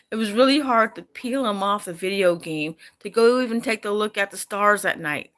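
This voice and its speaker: A woman's voice: mid-range voice, a bit bright. A middle-aged woman vlogging, angry and upset, repeating herself as she vents after sleepless nights. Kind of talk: emotional personal vlog.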